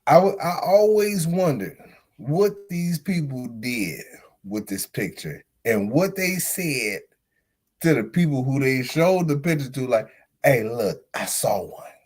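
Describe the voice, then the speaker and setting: A man hosting a podcast, telling a story in a casual monologue. He talks in slang and swings between loud outbursts and low mutters. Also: lively intonation, unhurried. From United States. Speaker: podcast host.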